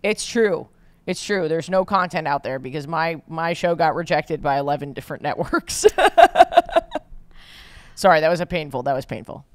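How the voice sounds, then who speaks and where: A woman with a New York accent chatting on a podcast, her voice raspy with vocal fry, joking and self-deprecating. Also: low-pitched, a little fast, no echo. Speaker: podcast host. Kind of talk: casual chat.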